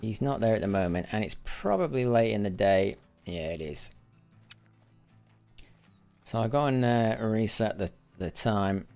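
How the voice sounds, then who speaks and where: Gravelly-voiced man rambling over gameplay. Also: fairly low pitch, expressive, unhurried, long pauses, darkish tone, soft background music. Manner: rambling, self-correcting, mutters while counting. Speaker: gaming livestreamer. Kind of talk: casual live gameplay commentary.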